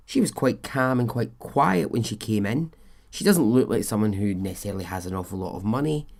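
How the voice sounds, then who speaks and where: A man's voice: fairly low pitch, a little mellow. Chatty man telling a story. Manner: chatty, conversational asides. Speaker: podcast host. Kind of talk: casual true-crime storytelling.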